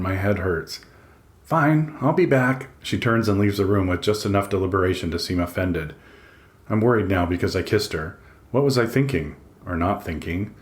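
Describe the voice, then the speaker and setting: A man reading a first-person audiobook in a dry, introspective way. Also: deep voice. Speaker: audiobook narrator. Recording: echoey room.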